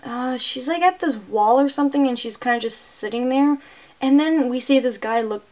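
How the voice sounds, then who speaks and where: Woman, slightly high voice, casual film recap, filler-heavy, excited. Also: moderate pace. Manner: chatty, many fillers, excited retelling. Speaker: movie reviewer.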